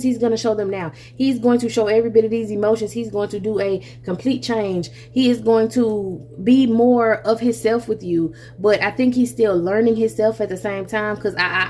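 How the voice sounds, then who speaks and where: A woman giving a casual tarot reading, animated and chatty, who laughs often, swears freely and calls the listener baby and honey. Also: on the high side, slight background noise. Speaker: tarot reader.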